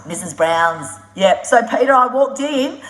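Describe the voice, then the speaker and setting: A woman telling road-trip stories on a live stream, animated and blunt, swearing freely and laughing often. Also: fairly high pitch, unhurried, roomy sound, low-quality recording. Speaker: motorbike traveller hosting a live Q&A. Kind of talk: casual live-stream storytelling.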